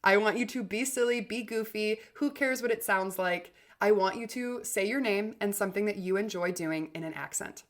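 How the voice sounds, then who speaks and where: A woman's voice: medium pitch, normal speed, few pauses. Upbeat chatty woman podcast host. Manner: upbeat, chatty, heavy use of "like" and "literally". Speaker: podcast host and communication coach. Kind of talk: motivational podcast monologue.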